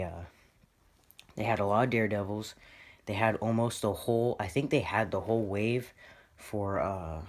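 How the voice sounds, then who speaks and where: A man vlogging about his toy collection, rambling and excitable, poking fun at his own spending. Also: fairly low pitch. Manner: excitable, rambling, self-mocking. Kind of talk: casual rambling vlog.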